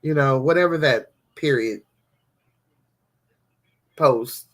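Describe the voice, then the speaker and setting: A woman's voice: a bass voice, slow. A woman hosting a casual devotional vlog, chatting animatedly and talking straight to her viewers.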